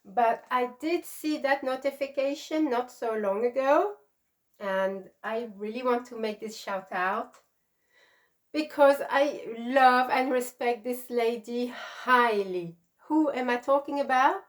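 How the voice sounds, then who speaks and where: Slow-talking, gushing woman vlogger. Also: on the high side. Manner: warm, gushing, emotional. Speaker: crochet channel host. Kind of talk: casual vlog chat.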